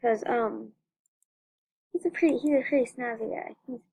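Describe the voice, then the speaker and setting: Young female channel host with a high voice; casual, dramatic gameplay commentary with lots of repetition. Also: moderate pace, gravelly, dark tone, slightly rough. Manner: chatty, dramatic, repeats phrases.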